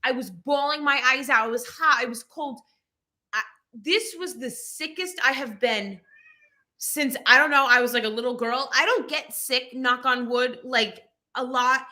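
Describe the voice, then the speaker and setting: Young woman vlogger, dramatic emphatic chat, a bit high and bright. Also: measured pace. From Rhode Island, US. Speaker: vlog host. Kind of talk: casual chat.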